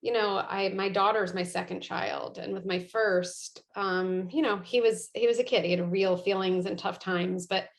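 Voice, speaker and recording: Reflective woman with a flat, gravelly voice. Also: medium pitch, moderate pace, hardly any pauses. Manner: reflective, thinking aloud with many fillers. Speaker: guest, parenting psychologist. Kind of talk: conversational interview.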